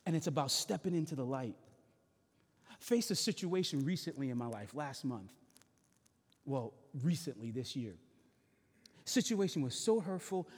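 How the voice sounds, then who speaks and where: Pastor, male, slightly high and husky, passionate repetitive sermon delivery, long church-hall reverb. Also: darkish tone. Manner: impassioned, repetitive preaching that builds in intensity. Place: church sanctuary.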